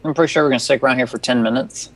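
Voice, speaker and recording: Practical male player, mid pitch, plain planning talk. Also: fairly even intonation, rapid-fire, creaky. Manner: practical, planning, matter-of-fact. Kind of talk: casual chat at a tabletop game.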